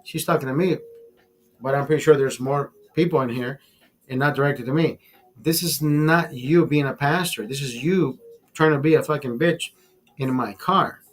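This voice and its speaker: A man's voice: mid-range voice, moderate pace. A man hosting a casual livestream, swearing freely as he tells a story with emphasis and talks to his chat. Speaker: livestream host.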